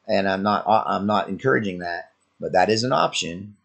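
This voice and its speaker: A man's voice: lowish voice, animated, normal speed, gravelly, a bit bright. A man with a sore throat giving an earnest, warning commentary monologue as a channel host. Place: Oklahoma, US.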